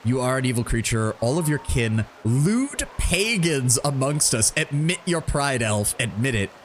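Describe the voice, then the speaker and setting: A man's voice: mid-range voice, sing-song, unhurried, slight background noise. A man reading out a game's lines as a hateful, preachy human zealot who rants against elves. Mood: scornful. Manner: accusing, preachy.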